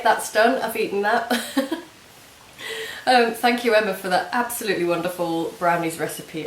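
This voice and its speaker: A woman hosting a knitting video podcast, chatting casually and gushing with many ums and restarts. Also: fairly low pitch. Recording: roomy home recording with faint hiss.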